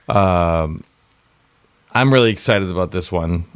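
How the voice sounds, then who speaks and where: Deep-voiced excitable man riffing. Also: slow, clean tone, no echo. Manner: excitable, rambling, lots of fillers. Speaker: podcast co-host. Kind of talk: casual comedic brainstorming chat.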